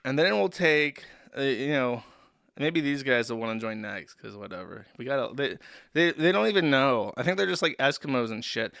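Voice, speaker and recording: A man's voice: mid-range voice, animated, normal speed, creaky, a bit bright, no echo. A man hosting a livestream, rambling through sarcastic, profane jokes and commentary on a close desk mic. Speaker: streamer host.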